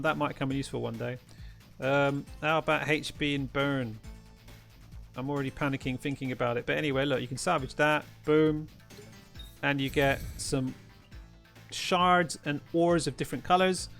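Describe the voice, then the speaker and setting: A man's voice: on the high side, creaky, fairly bright tone. A man hosting a gaming channel, ranting in an exasperated way with frequent swearing and rhetorical questions. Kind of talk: ranting game commentary.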